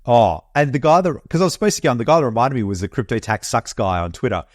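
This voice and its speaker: A man's voice: medium pitch, sing-song, quick pace, dry recording, clean studio sound. A man with an Australian accent co-hosting a podcast from home, chatting casually, swearing freely and calling his co-host mate. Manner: laid-back, swears casually, says mate often. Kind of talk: casual chat. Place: home, Perth.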